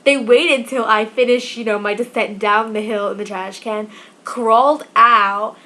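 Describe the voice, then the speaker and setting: A woman of twenty-one telling personal stories in a chatty, animated vlog, acting out quoted dialogue as she goes. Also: a little high, a little slow. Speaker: vlogger. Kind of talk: casual storytelling vlog.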